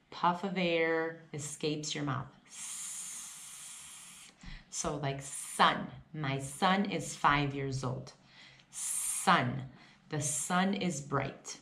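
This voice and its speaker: A young woman teaches English pronunciation straight to the camera. Her voice sits low and she takes her time, sounding out each example word and checking that the learner follows. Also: fairly bright tone. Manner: demonstrates sounds slowly, checks in with "okay?". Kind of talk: pronunciation lesson, modeling sounds.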